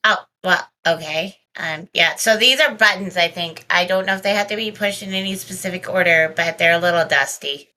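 A woman plays a tabletop game with a bright, sharp voice set somewhat low. She is chatty and describes her character's actions in the third person. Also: moderate pace, hardly any pauses. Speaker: player. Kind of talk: casual tabletop game play.

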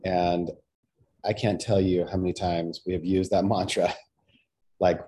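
Deep mellow-voiced man co-host. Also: level tone, unhurried, pauses often. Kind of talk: casual chat.

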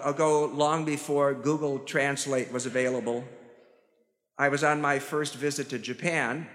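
A priest with a Chicago accent preaching a sermon, telling stories with self-deprecating humor. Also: male voice, fairly high pitch, a bit bright. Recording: church hall reverb.

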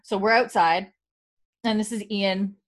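A woman's voice: medium pitch, steady tone, a little slow. Chatty woman recapping with lots of fillers. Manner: retells scenes with quoted lines, many fillers, laughs often. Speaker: podcast host recapping a TV episode. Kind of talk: casual chat.

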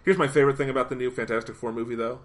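A man's voice: mid-range voice, fairly even intonation, rapid-fire. A young man co-hosting a podcast, giving opinionated movie talk in casual chat. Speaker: podcast co-host.

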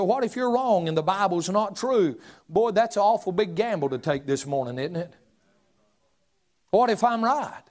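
A middle-aged man preaching a fiery sermon, shouting some points and dropping to a hush on others. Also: high voice. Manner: preaching with shouted emphasis and sudden drops to a hush. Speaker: pastor.

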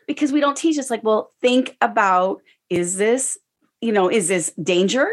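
A woman on a podcast, talking warmly about stress and acting out her own inner dialogue in quick quotes. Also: mid-range voice. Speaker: guest speaker on stress. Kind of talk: casual podcast conversation.

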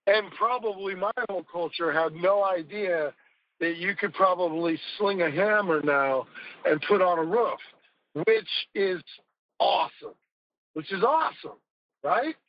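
A man's voice: high-pitched, expressive, measured pace, highs cut off. A man speaking as a podcast guest, telling rambling, emphatic stories in casual conversation and swearing now and then.

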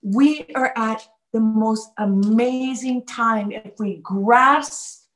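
A woman co-hosting a casual faith podcast speaks slowly in a fairly high voice. She talks passionately and repeats key phrases for emphasis.

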